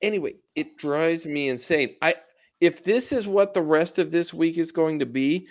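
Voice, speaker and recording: A man's voice: a little high, normal speed. A man co-hosting a casual podcast, ranting and swearing in a passive-aggressive way. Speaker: podcast co-host. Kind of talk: casual chat.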